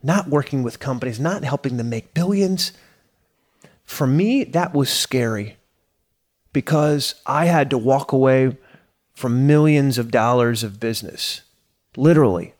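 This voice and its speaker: A man's voice: mid-range voice, a little slow, a little mellow. A middle-aged man, a business coach, talking casually and energetically to his community, correcting himself and pushing points with emphatic bursts.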